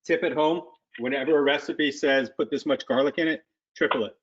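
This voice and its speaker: A man's voice: on the high side, brisk, a little hiss or hum. Guy hosting a home cooking stream, chatty and rambling, kinda muffled lo-fi sound. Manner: loose and rambling, many fillers. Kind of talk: casual chat.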